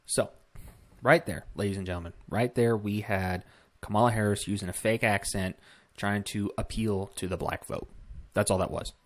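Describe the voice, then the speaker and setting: A man's voice: on the low side, fairly even intonation, normal speed. A man hosting a casual political commentary vlog, talking bluntly with swearing and rambling asides. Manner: blunt, profane, rambling with fillers.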